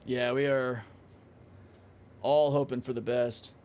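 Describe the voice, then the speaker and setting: A young man streaming a space game, chatting casually with his viewers, excitable and swearing freely. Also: mid-range voice, slow. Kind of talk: casual livestream commentary.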